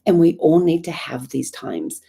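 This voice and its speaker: A middle-aged woman with a New Zealand accent, hoarse and raspy from a bad cough, talking in a rambling, reflective way with many ums. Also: low voice, sing-song, a little slow, warm tone. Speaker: journalling vlogger. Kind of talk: casual reflective monologue.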